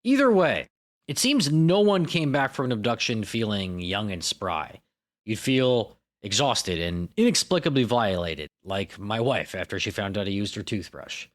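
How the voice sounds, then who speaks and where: A man's voice: lowish voice, very animated, normal speed. A man hosting a podcast alone, riffing in an irreverent, profane, self-mocking comic monologue. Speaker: podcast host.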